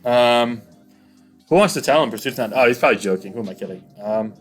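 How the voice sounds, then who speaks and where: Excitable man commentating a game. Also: mid-range voice, a little fast, faint music behind. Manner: chatty, excitable, rambling with fillers. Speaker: YouTube battle commentator. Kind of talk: casual play-by-play game commentary.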